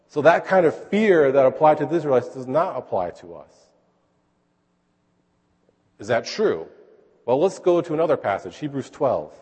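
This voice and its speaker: A man's voice: mid-range voice, expressive, moderate pace, pauses often, a little mellow, slightly rough, long reverb tail. A man preaching a sermon, explaining scripture in a conversational way and checking in with his listeners. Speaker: pastor.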